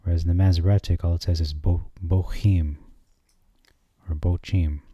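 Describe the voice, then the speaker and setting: A man with a low, very dark, mellow voice walks through scripture translations as a channel host. He reads each verse slowly and deliberately, then adds dry remarks. The sound is dull and lo-fi, with a dry, close room. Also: fairly even intonation, no echo. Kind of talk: screen-share scripture commentary.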